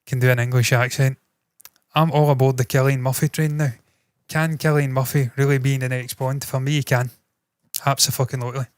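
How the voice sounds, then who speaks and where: A man's voice: medium pitch, dry recording, studio quality. Blunt, swearing entertainment news man. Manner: blunt, swears freely, thinks aloud with restarts. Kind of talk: casual opinionated commentary.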